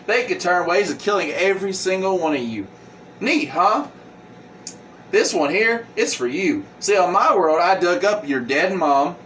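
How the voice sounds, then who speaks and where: A gleeful sadistic young villain with a high, lilting voice, put on by a man retelling a comic. He gloats sweetly over his cruelty. The voice sounds a bit distant from the mic. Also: a bit bright, slight background noise.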